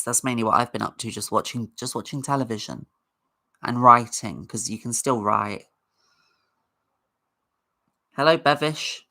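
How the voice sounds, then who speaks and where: A woman's voice: very deep voice, vocal fry, bright, forceful tone. A woman hosting a casual livestream, chatting in a rambling way and greeting viewers in the chat. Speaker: livestream host.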